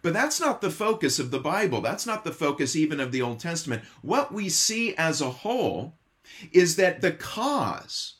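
Earnest preaching man, a bit high. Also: fairly bright tone. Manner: earnest, preacherly, stressing key words by slowing. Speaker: pastor. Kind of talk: sermon.

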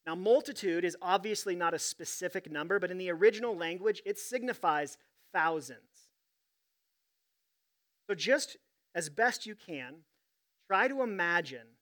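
A man's voice: sits high, normal speed, fairly bright tone. A man preaching a sermon as pastor, reading scripture and telling stories in a conversational, humorous way.

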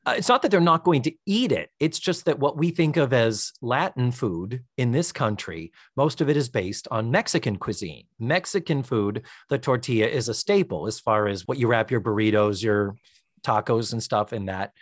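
A man's voice: mid-range voice, expressive, moderate pace, dry recording, clean studio sound. A man from Puerto Rico co-hosting a podcast, recapping a sitcom episode in casual chat, acting out the characters' lines with lots of laughter and swearing. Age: young adult. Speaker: podcast co-host.

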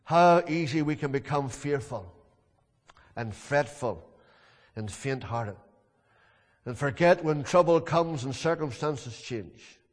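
A man delivers a solemn sermon, often letting each phrase sink and fade at the end. His voice sits fairly high for a man. The sound carries a long echo from a large hall. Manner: solemn, with falling phrase endings. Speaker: preacher.

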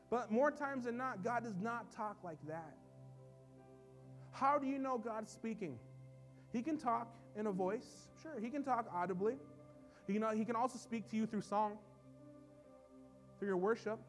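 A man preaching as a pastor, swinging between soft low asides and loud emphatic lines, in a church. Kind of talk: sermon. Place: church sanctuary.

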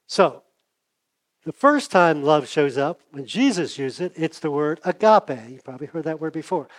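Pastor with a fading voice. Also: male voice, fairly high pitch, expressive, measured pace, long pauses. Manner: conversational preaching, acts out dialogue with big swings in loudness. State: losing his voice. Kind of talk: sermon.

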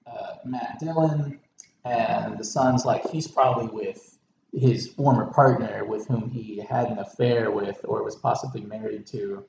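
A man's voice: on the low side, steady tone, unhurried, vocal fry, a little mellow. A man co-hosting a casual movie podcast, laid-back and dry, recapping plots with many fillers. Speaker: podcast co-host. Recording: echoey distant lo-fi room mic with faint hiss.

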